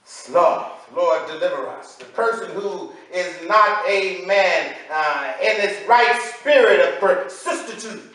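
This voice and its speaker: A woman delivers a sermon in call-and-response style, repeating her lines and building to shouts. Her voice is bright and forceful. It echoes heavily around a church hall, picked up from far off. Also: on the low side, takes it slowly, hardly any pauses. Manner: repetitive call-and-response preaching, rising to shouts. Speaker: preacher. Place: church sanctuary.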